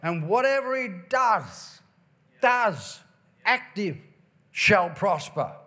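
Male preacher, high-pitched, emphatic sermon delivery with slow stressed words. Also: very animated, sharp tone. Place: church during revival meeting.

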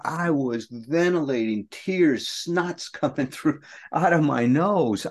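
A man's voice: a little high, takes it slowly. A middle-aged man co-hosting a recovery podcast, telling a painful personal story in an earnest, emotional way.

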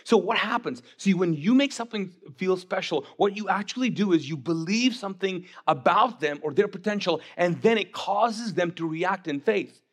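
A man preaching a sermon as pastor, animated and joking, acting out the voices of the figures in the story. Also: high-pitched, moderate pace, hardly any pauses, husky.

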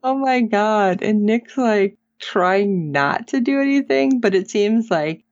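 A woman's voice: medium pitch, slow pace, dry recording. A woman co-hosting a casual podcast, retelling a TV episode with laughter and acted-out quotes. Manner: animated retelling, acts out quotes, laughs often. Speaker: podcast co-host recapping a TV episode. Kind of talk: casual chat. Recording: dull lo-fi sound.

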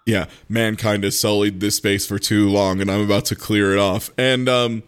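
A man chatting casually as a podcast co-host, retelling scenes and acting out characters' lines in quick voices. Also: fairly low pitch, flat delivery, clear, resonant tone. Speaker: podcast co-host recapping an anime. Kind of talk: casual chat.

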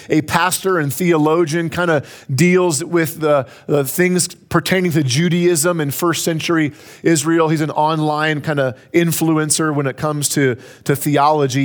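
Emphatic male preacher, high and unhurried. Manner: emphatic, building to raised peaks; repeats key phrases for effect. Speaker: pastor. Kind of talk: sermon.

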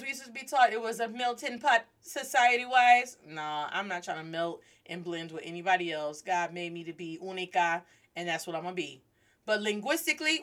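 A woman's voice: mid-range voice, fairly bright tone. A woman hosts a playful Spanish lesson, moving between English and Spanish with rhythm and humor. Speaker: Spanish teacher and host. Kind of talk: lively language lesson.

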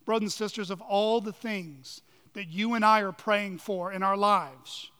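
Pastor, male, very high bright voice, earnest sermon, church hall with long reverb. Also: steady tone, unhurried, clean tone. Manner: earnest, emphatic, asks rhetorical questions. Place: church sanctuary.

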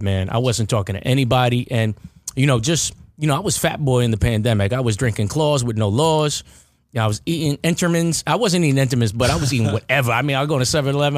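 A man's voice: mid-range voice, no echo. New guy rambling on his podcast, keeps restarting, dry audio. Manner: rambling, repeats words and restarts. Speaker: podcast host. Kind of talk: casual chat.

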